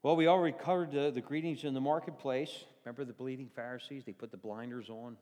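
A man preaching a sermon as pastor, telling folksy stories in an animated way in a church. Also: mid-range voice, fast, long reverb tail.

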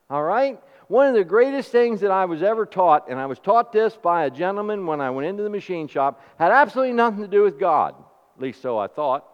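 A man preaching with lively call-and-response questions to his congregation, his fairly high voice ringing out in a long hall echo. The recording is a bit muffled and lacks crispness. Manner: animated call-and-response preaching with homely stories. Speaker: pastor. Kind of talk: sermon.

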